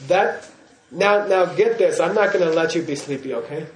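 Guy teaching buddhism to a class, joking around, bit high voice, echoey room. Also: normal speed, a little hiss or hum. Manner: playful, often checks in with "okay?" and laughs. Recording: roomy hall echo.

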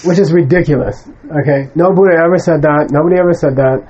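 A man's voice: a little high, fast, darkish tone, dull audio, a little hiss or hum. A man teaching a class of students, speaking conversationally, bluntly dismissing wrong views and often checking in with "okay?". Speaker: Buddhist teacher. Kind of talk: lecture to students.

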